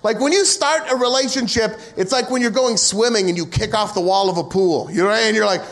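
A young man from the United States works through a stand-up comedy set in a strikingly high voice. He rambles, mocks himself and launches into profane rants, acting out little scenes along the way. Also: a little fast, hardly any pauses. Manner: rambling, self-mocking, profane rants with acted-out asides.

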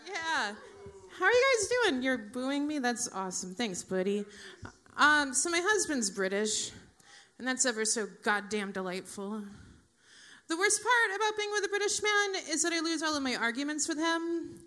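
A woman's voice: high-pitched, very animated, normal speed, bright, forceful tone. A woman in her forties doing a stand-up comedy set, with dry, profane, self-mocking asides to the audience.

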